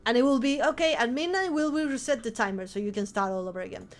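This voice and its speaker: High-voiced woman, vtuber streamer, casual chat, animated, swears, shouts at times, faint music behind. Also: fast.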